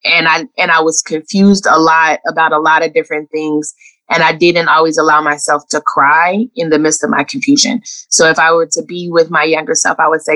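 A woman's voice: sits low, little pitch movement, fairly quick, sharp tone, rough recording. A woman guest on an interview, speaking in an earnest, heartfelt way and close to tears, often repeating her phrases. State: emotional, near tears. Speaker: guest therapist. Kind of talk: reflective interview talk.

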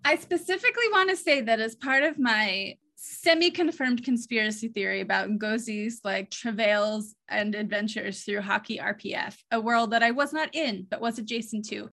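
A woman's voice: fairly high pitch, moderate pace, vocal fry, hardly any pauses, sharp tone. A woman co-hosting a podcast in casual discussion, chatty and prone to tangents, laughing at herself. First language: bilingual, speaks another language. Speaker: podcast co-host.

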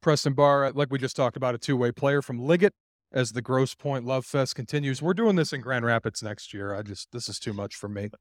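Man, draft show co-host, brisk announcer delivery, dry close mic. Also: medium pitch, no echo. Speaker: co-host running a player draft. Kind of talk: live show commentary.

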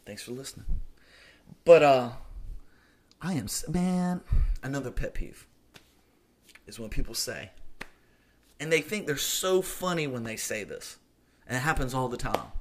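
A man with a mid-range voice rants through a solo podcast episode. He talks emphatically and with a lot of energy, and his voice leaps up for punchlines before dropping into low, muttered asides. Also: normal speed, pauses often. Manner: high-energy, emphatic, swings between loud bursts and low asides. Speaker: podcast host.

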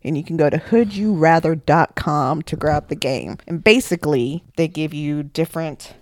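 A woman's voice: low voice, a little mellow, dry recording. Teasing woman podcaster, dry mic. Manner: quick, teasing, steers the talk back. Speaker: podcast co-host. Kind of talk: casual chat.

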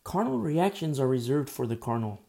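A man preaching a sermon in an emphatic, conversational way, swinging from loud bursts to hushed asides. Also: medium pitch, very animated, normal speed, gravelly.

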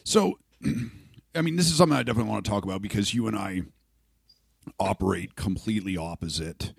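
A man's voice: fairly low pitch, expressive, fast, creaky, husky, no room sound, studio quality. A middle-aged man from Saskatchewan, talking casually and candidly as a podcast host, swearing often and restarting his sentences. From Saskatchewan, Canada. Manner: profane, rambling, many restarts.

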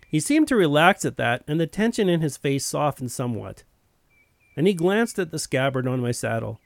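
A man's voice: a little high, big pitch swings, normal speed, vocal fry, no room sound. A man telling a first-person story in a plain, wry narrating voice.

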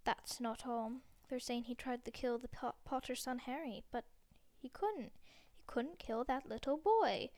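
A woman's voice: a little high, unhurried, darkish tone. A woman voicing a stern older female witch professor, her voice trembling and pleading, at times half-whispered, in a storybook reading. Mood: shaken.

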